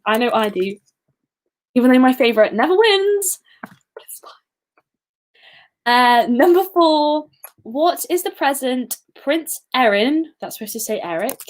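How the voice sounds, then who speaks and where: A young woman hosting a casual livestream quiz, chatty and giggly with self-deprecating asides. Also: sits high. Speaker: quiz host.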